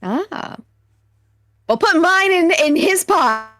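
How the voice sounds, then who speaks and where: A woman's voice: extremely high pitch, animated, slow pace, sharp tone, no room sound. A woman co-hosting a podcast in casual chat, teasing and blunt as she recaps a film. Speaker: podcast co-host.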